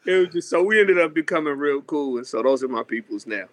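A man in his thirties from Seattle, a musician telling stories in a casual interview, lively and acting out quotes. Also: on the high side, fast talker. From Seattle, USA. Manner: animated storyteller, acts out quotes, says "you know what I mean" a lot. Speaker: musician guest.

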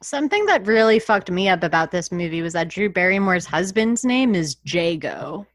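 Young woman, podcast co-host, casual and animated, dry close recording. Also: fairly low pitch, no echo. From Puerto Rican heritage. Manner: animated, quick bursts of excitement and laughter. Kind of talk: casual chat.

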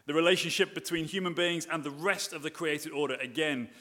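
Male pastor, live sermon, halting then emphatic, slightly raised pitch, long room reverb. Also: bright, forceful tone. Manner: many fillers and restarts, builds to emphatic repeated phrases. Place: church hall, live sermon. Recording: long reverb of a church hall.

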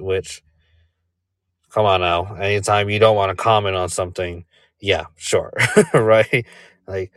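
Low, slow-talking man on a call. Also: dry recording, studio quality. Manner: rambling, many fillers and rhetorical "right?". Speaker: podcast co-host. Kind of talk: casual commentary. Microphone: remote call.

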